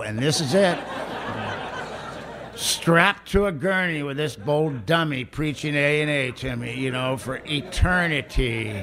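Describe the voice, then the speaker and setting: A man's voice: mid-range voice, creaky, noisy background. A middle-aged man, telling his own story at a recovery meeting in a raw, plain-spoken way. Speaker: recovery speaker.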